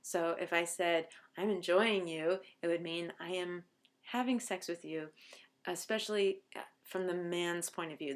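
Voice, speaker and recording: A middle-aged woman, a college professor, explaining a poem line by line and reading its verses aloud slowly. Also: fairly low pitch. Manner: slows down to recite verse aloud. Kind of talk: line-by-line poetry lecture.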